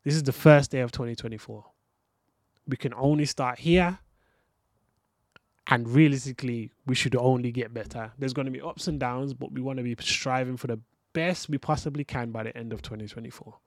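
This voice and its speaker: A man's voice: medium pitch, fairly even intonation, fairly quick, no echo, clean studio sound. A young man hosting a motivational podcast monologue, earnest and reflective, talking straight to the listener. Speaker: podcast host.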